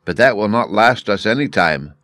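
A man's voice: on the low side, lively intonation, moderate pace, fairly bright tone, no room sound, studio quality. A man reading a story aloud, voicing a scheming, penniless male court jester in a pleading, eager way.

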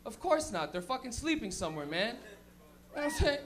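A man doing a profane, animated stand-up routine at an open mic, acting out characters as he goes. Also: extremely high pitch, fairly quick. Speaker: stand-up comedian. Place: comedy open mic in a crowded apartment.

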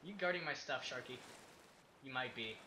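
A young man casually commenting as he plays a survival game, chatty and excitable, talking to himself and the objects in it. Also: medium pitch, moderate pace, background noise. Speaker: gaming YouTuber. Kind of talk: casual let's-play commentary.

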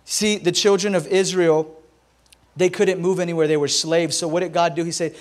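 Young man, pastor, high voice, conversational sermon, humorous storytelling, church. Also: fairly even intonation, normal speed.

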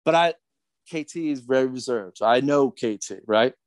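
A man's voice: medium pitch, normal speed. A middle-aged man from Philadelphia, a podcast guest ranting in a profane, agitated, rambling way with many restarts. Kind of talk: heated podcast rant.

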